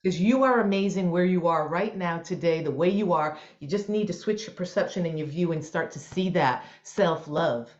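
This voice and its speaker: A woman's voice: lowish voice, moderate pace, few pauses. A woman co-hosting a podcast as a mindset coach, telling stories in an enthusiastic, motivational way. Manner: enthusiastic, motivational, animated storytelling. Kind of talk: casual podcast chat. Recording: roomy, dull lo-fi sound.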